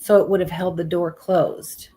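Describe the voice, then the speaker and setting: A woman's voice: fairly low pitch, level tone, moderate pace, warm tone. A woman live streaming in a casual chat style, speaking bluntly, swearing now and then, and muttering as she reads app text aloud.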